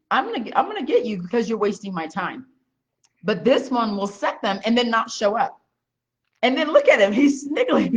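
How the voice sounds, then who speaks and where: A woman business owner chatting casually on camera beside her husband, a blunt and lively storyteller. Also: mid-range voice. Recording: dull lo-fi sound.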